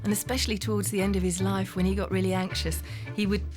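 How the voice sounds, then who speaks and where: A woman's voice: mid-range voice, flat delivery, fast talker, music in the background. A middle-aged woman telling a personal memoir in an intimate spoken-word style, often dropping to a whisper.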